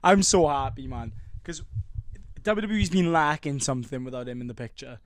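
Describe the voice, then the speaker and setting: A young man co-hosting a podcast, talking in an animated, sweary, bantering way. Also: medium pitch, normal speed, dry recording. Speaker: podcast co-host. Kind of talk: casual chat.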